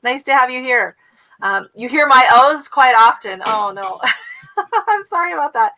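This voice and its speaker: A middle-aged woman from the United States hosting a casual livestream chat, talking warmly and laughing often as she mimics accents. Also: high voice, animated, moderate pace, rough recording. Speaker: host.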